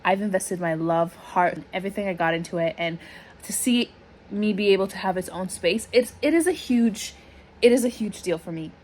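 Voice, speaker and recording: A woman, a small business owner talking in a heartfelt, animated way in a casual vlog. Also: mid-range voice, moderate pace, slight background noise. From Toronto, Canada. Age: 30s.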